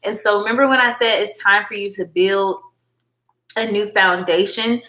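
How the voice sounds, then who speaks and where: Bright-voiced woman giving a tarot reading. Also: medium pitch, steady tone, normal speed. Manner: chatty, affectionate, spiritual. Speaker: tarot reader and livestream host. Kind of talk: casual live tarot reading. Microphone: phone. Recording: echoey room.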